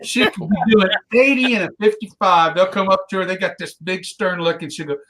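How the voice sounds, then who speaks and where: A man's voice: sits high, brisk, fairly bright tone. A man joking and telling stories in casual chat, laughing through his lines.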